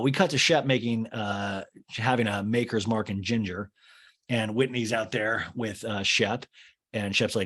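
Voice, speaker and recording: A young man hosting a casual comedic recap, acting out quotes in exaggerated, higher put-on voices. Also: a bit bright. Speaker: podcast host recapping a reality show.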